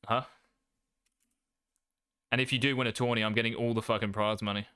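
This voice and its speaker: A young man talks through gameplay as a coach, brash and sure of himself, swearing freely. His voice is bright and forceful, crisp and smooth, and it sits close and dry with no room around it. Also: on the low side, fairly even intonation, rapid-fire, no room sound. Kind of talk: casual gameplay coaching commentary.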